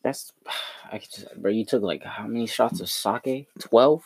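A young man co-hosting a casual podcast, teasing his friend in a rambling, slangy way. His voice sits on the lower side and sounds dry and close to the mic. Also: unhurried, vocal fry, a little mellow, husky, no room sound. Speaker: podcast co-host. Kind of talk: casual chat.

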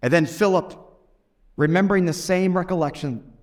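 A man's voice: sits high, normal speed, darkish tone. A male pastor giving a sermon, retelling scripture as vivid, dramatic stories.

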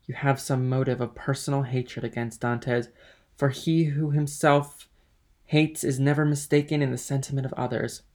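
A man's voice: medium pitch, flat delivery, moderate pace, a little mellow, natural voice. Man doing bitter, impatient young rival. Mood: bitter urgency. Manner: urgent, impatient.

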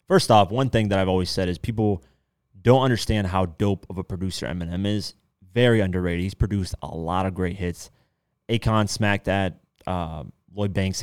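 A man's voice: low voice, no room sound, clean studio sound. A man hosting a podcast alone, talking loosely and rambling, with casual swearing. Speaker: podcast host. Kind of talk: casual solo commentary.

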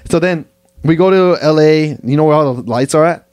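A man's voice: on the high side, a little fast, darkish tone, clear, resonant tone, no echo. A young man co-hosting a podcast, telling a story in casual, profane slang. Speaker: podcast co-host. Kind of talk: casual chat.

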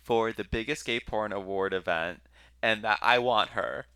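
A man's voice: on the low side, moderate pace, sharp tone, smooth, dry recording. A young man co-hosting a podcast, telling stories casually and acting out the voices of people in them. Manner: storytelling, plays the voices of others. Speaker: podcast co-host.

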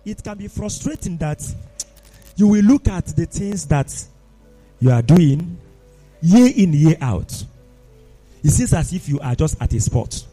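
A man's voice: a little high, big pitch swings, measured pace, pauses often, dark tone, faint music behind. A man preaching a sermon, impassioned and rousing his congregation.

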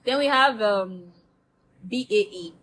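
A woman's voice: fairly high pitch, unhurried. Giggly young woman guest. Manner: giggly, animated storyteller. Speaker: podcast guest. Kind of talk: casual chat. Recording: faint background noise.

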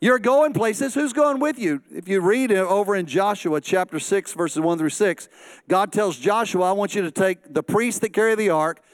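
A pastor preaching with a high, bright-pitched man's voice, close and dry with no room around it. He is middle-aged and breaks into quick acted quotes and humorous asides. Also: dry recording. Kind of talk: sermon.

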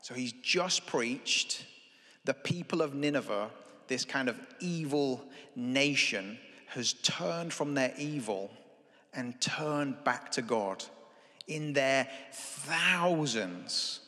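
A young man preaching a conversational sermon, animated and chatty, often asking the congregation questions. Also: mid-range voice, slow. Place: church hall. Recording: reverberant hall.

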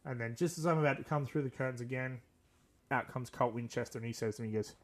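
A man's voice: medium pitch, steady tone, quick pace. A young man, hosting a podcast and earnestly telling a rambling personal story, acting out the dialogue. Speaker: podcast host. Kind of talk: casual storytelling.

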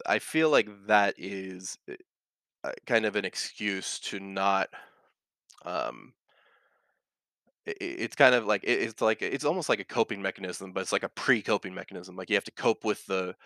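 A low-voiced man with vocal fry and a sharp tone hosts his own podcast, recorded dry in a clean studio. He rambles casually while reading online posts aloud, packed with fillers, restarts, and frequent "right?" tags.

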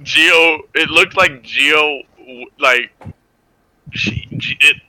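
A young man co-hosting a podcast, recalling a story in halting, stop-start sentences. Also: on the high side, pushed and bright, dry recording, rough recording. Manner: halting, restarts often. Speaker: podcast co-host. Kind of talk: casual storytelling chat.

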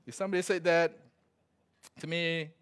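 A man's voice: fairly high pitch, flat delivery, moderate pace, clear, resonant tone. A male pastor, preaching a sermon full of stories, laughing as he acts out quotes. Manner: storytelling with laughs and acted-out quotes.

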